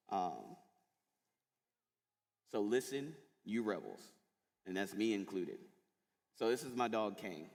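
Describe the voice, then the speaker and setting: A man giving a sermon to middle school students in a school chapel, chatty and informal, full of fillers as he tells stories. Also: on the low side. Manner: casual, chatty storytelling with many fillers. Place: large school chapel hall. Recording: long echo of a large hall.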